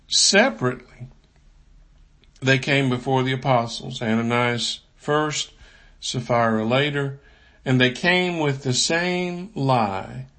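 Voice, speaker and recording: Slow, measured male preacher. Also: mid-range voice, fairly bright tone. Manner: slow, measured delivery with scripture readings. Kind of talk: sermon.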